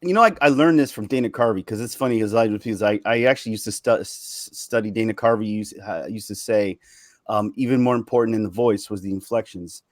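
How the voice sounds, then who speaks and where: A man hosting a casual podcast chat, explaining at length about doing impressions, his pitch swinging up and down for emphasis. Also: fairly quick, no room sound.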